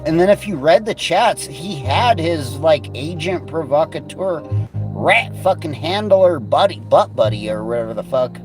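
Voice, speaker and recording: A man's voice: fairly high pitch, animated, unhurried. A man hosting a livestream, ranting in a rambling, profane, mocking way. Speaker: livestream host. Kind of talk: profane casual livestream rant. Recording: clear music playing behind.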